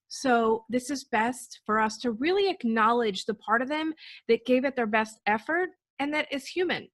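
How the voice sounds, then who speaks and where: A woman's voice: a little high, no echo. A woman coaching parents on how to talk to their children, earnest and encouraging, sometimes acting out sample phrases. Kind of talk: instructional talk.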